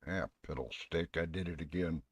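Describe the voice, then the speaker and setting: A man's voice: low voice, normal speed, husky, dry recording. A man hosting a live stream, talking in a rambling, folksy, chatty way. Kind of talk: casual live stream chat.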